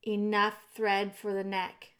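Voice a polite male mouse executioner in a storybook, as a woman reading aloud puts him on. He is courteous and solemn and speaks in a hushed murmur. He sounds unhurried and almost apologetic as he goes about his duty. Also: mid-range voice, completely flat delivery. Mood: gentle, solemn.

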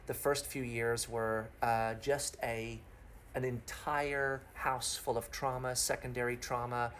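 Middle-aged male pastor, mid-pitched voice, vivid storyteller in a podcast interview, faint background hum. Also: flat delivery, takes it slowly, fairly bright tone. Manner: vivid storyteller with long extended metaphors.

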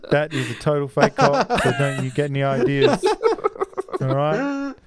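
A man's voice: fairly high pitch, moderate pace, over loud music. A man co-hosting a casual film podcast, telling stories and acting out the voices of people in them. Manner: animated, acts out voices of people in his stories. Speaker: podcast co-host.

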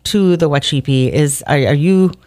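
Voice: medium pitch, unhurried, a little mellow, no echo. A host around fifty, with a mid-range voice, asks long, looping questions and keeps affirming the guest. It sounds like a radio interview recorded in a studio. The sound is dry and close. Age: 50s. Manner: affirming, rambling questions with fillers.

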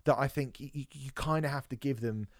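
A man co-hosting a casual music podcast, talking in animated, sweary bursts with many restarts. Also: medium pitch, brisk, no echo. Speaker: podcast co-host. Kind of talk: casual music review chat.

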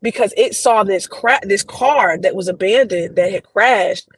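A young adult woman, a podcast guest, telling a story in an animated, profane, slangy way. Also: mid-range voice, unhurried, slight background noise, rough recording. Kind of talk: casual storytelling chat.

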